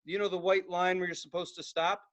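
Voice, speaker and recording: High, bright-voiced man telling profane stories. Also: fairly quick. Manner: profane, animated storytelling with acted-out outbursts and laughter. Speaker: podcast co-host. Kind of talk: casual storytelling chat.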